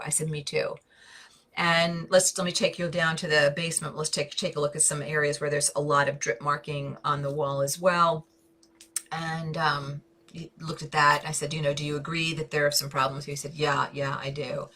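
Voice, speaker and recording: Low, crisp female voice, calm and conversational, advice-talk host. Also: moderate pace. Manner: calm, conversational, repeats words and restarts. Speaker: interior design educator.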